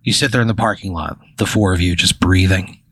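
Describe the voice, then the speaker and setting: This comedy podcast host uses a low, brisk voice with a fairly bright tone and a breathy edge, recorded dry. He rambles through a hypothetical told in the second person, heavy on swearing and "like."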